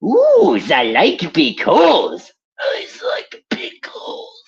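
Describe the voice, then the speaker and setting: A man doing a shrill, unhinged German-accented doctor. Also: huge pitch swings, slow, lo-fi sound, full character voice. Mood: creepy glee. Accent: put-on German accent. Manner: shrill, theatrical, swooping. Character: unhinged eccentric male doctor, creepy and gleeful.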